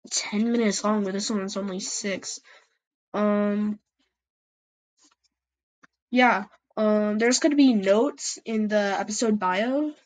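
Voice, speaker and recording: A woman's voice: medium pitch, rough recording. Rambling young woman podcaster. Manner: rambling, many ums, giggly. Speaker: fan story podcaster. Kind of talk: casual sign-off chat.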